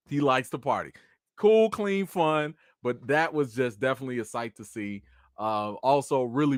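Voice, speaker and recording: A man hosting a casual live chat, telling stories in an animated way and talking to his viewers as "y'all". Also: fairly high pitch, no echo, studio quality. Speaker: channel host.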